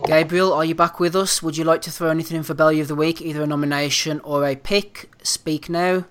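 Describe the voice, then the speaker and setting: A man's voice: on the high side, level tone, brisk, a bit bright, slight background noise. A man hosting a casual boxing podcast, swearing freely and moving the chat between segments. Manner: swearing, laughing, runs the segments. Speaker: podcast host.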